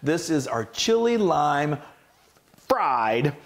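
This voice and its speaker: A man's voice: a little high, sing-song, very slow. A man co-hosting a casual cooking show, gushing with enthusiasm as he demonstrates an appliance. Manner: enthusiastic, gushing, restarts often. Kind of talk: casual product demo chat.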